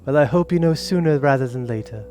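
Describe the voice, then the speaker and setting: A man's voice: mid-range voice, quick pace, over music, lightly acted. A man voicing a bitter, jealous woman in a put-on English accent, reading game lines in a sneering, clipped way. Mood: scornful.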